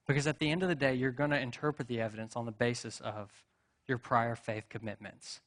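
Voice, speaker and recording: A man's voice: mid-range voice, steady tone, fairly quick. Conversational male pastor preaching. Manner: conversational storytelling with asides and rhetorical questions. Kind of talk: sermon. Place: church sanctuary.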